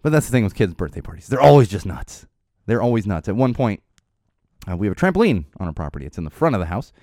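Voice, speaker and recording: A man in his thirties with a fairly low voice chats as host of his own podcast, rambling from one tangent to the next. His pitch jumps around a lot as he gets worked up, and the sound is close and dry with no room echo. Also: fast talker. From Los Angeles area. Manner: rambling, animated, swears, laughs often, many fillers. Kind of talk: casual chat. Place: studio.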